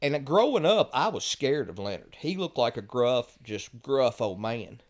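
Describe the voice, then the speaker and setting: A middle-aged man, telling lively stories as a podcast guest and chuckling at the punchlines. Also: mid-range voice, moderate pace. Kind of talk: casual storytelling.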